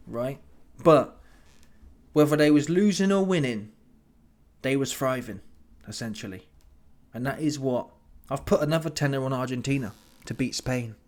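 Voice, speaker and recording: A man, hosting a casual football reaction and ranting in a mocking, slangy way. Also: a little high. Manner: animated, mocking, slangy with laughing outbursts.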